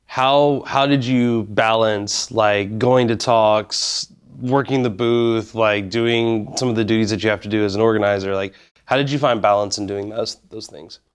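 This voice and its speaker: A man interviewing a guest in relaxed, casual conversation, with lots of "like" and "you know.". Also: on the low side, normal speed, clear, resonant tone. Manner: relaxed, filler-heavy, rambling talk.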